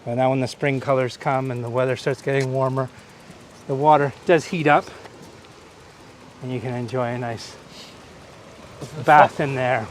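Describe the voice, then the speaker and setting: A man's voice: mid-range voice, steady tone, normal speed, pauses often, slight background noise. A Canadian-raised man hosting a live-streamed walking tour outdoors on a coastline, chatting and pointing out the sights as he walks. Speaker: host.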